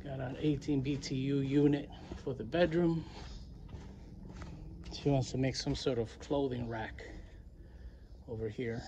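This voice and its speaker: A man's voice: mid-range voice, unhurried, long pauses, background noise. Man giving a casual outdoor tour. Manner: relaxed, chatty, says "y'all". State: winded near the end. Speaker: vlogger giving a garden tour. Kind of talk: casual walking tour narration. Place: outdoors on a rural property.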